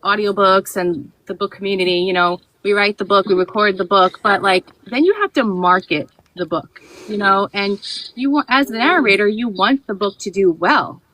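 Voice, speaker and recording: A woman audiobook narrator talking casually on a video call, relaxed and conversational. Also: medium pitch, normal speed, rough recording.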